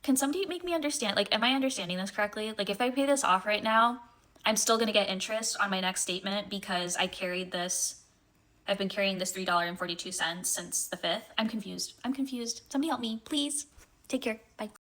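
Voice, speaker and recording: A woman's voice: medium pitch, fairly even intonation, brisk, pushed and bright, low-quality recording. A thirty-year-old woman talking to camera, confused and exasperated as she explains. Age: 30s. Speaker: social media poster. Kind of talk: casual talk to camera.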